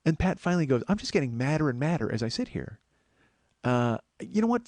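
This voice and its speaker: A man's voice: mid-range voice, very animated, racing, darkish tone, no room sound. A middle-aged man, a comedian and podcast host, telling a story as an exasperated, swearing rant. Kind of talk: storytelling monologue.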